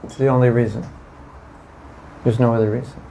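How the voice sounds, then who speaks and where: Gravelly-voiced man giving a devotional talk. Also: mid-range voice, little pitch movement, a little fast, mellow, a little hiss or hum, rough recording. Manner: conversational, asks the audience questions, emphatic repetition. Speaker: spiritual teacher giving a class. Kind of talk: informal devotional lecture.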